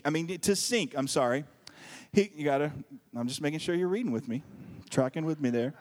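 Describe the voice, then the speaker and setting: Animated preacher man in a reverberant hall. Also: high voice, brisk. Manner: animated preacher, joking asides and call-and-response. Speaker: pastor. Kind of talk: sermon.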